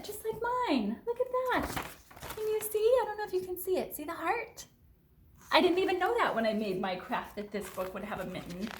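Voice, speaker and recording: A woman reading picture books aloud to young children at a library storytime, seated indoors, in an animated, sing-song way. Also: fairly high pitch, reverberant, a little hiss or hum. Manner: animated, sing-song and expressive, talking to kids. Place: indoor room, seated in a chair.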